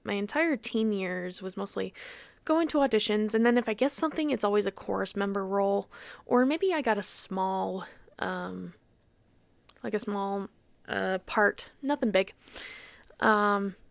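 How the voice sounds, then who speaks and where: A young woman from Utah hosting a podcast, telling her own story in a chatty, animated way. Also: medium pitch, a little slow, gravelly, no echo. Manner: chatty, animated, acts out quoted voices. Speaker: podcast host. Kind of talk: casual personal story.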